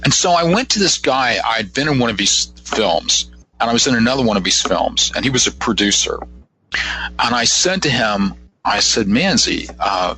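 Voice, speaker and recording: A husky-voiced man in his fifties tells stories as a guest on a radio talk show. His tone is bright and his pitch moves a lot. He rambles from one anecdote to the next and acts out the other people's lines. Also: normal speed, rough recording. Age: 50s. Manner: animated, rambling anecdotes with acted-out quotes. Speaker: guest psychic. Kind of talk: casual radio interview storytelling.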